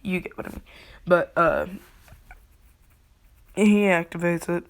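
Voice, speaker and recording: A woman's voice: fairly low pitch, fairly even intonation, slow, gravelly. A young woman casually narrating a fan story, rambling and briefly acting out characters' lines.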